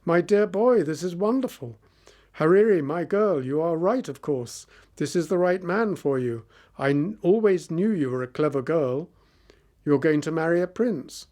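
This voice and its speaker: A man's voice: fairly high pitch, normal speed, a little mellow, natural voice. A man reading the part of a stubborn, bossy village father in a storybook. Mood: delighted. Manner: bossy, impatient.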